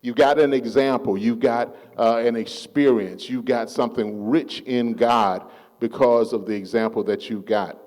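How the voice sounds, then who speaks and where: A man's voice: medium pitch, steady tone, darkish tone, in a large hall. A man preaching a sermon as pastor, calling for responses from the congregation and drawing out key phrases. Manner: call-and-response preaching, drawn-out emphatic phrases. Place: church sanctuary.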